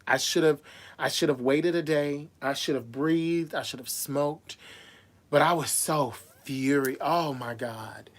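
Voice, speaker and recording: Speaking straight to her viewers on a casual livestream, a woman rants with heat and emotion, repeating herself and restarting as she stumbles over words. Her voice is deep yet fairly bright in tone.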